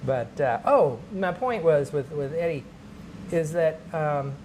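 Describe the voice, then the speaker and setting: A man, a comedian guest, chatting casually on a podcast and telling animated stories with quick character voices. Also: on the high side, slight background noise, rough recording.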